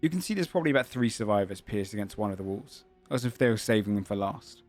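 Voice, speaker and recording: A man's voice: on the low side, lively intonation, quick pace, darkish tone, soft background music. A man running a tabletop game as game master, describing scenes at length with frequent fillers and self-corrections.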